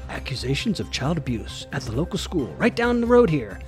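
Guy doing a slick pushy tv reporter dude, all drama, bouncy up and down delivery, soft music under it. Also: fairly high pitch, big pitch swings, a little fast. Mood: probing.

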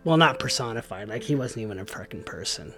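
A man's voice: medium pitch, expressive, quick pace, over music. A man telling a personal story in a casual, profane way, full of likes and you-knows.

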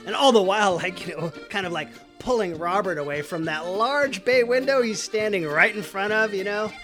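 A man telling a personal story in an animated, rambling way, full of "like" and "you know", swearing and acting out voices. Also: high-pitched, normal speed, over music. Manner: animated, lots of likes and you knows, swearing, acts out voices.

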